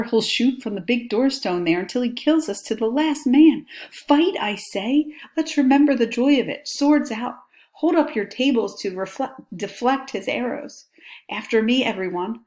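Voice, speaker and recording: A woman voicing a scheming young nobleman who pleads and then rallies others, in a raised, urgent voice. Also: on the low side.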